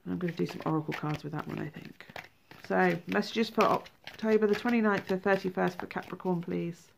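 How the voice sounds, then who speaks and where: A woman giving a tarot reading, animated, exclaiming and acting out feelings. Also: on the low side, brisk, gravelly, slight background noise. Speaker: tarot reader.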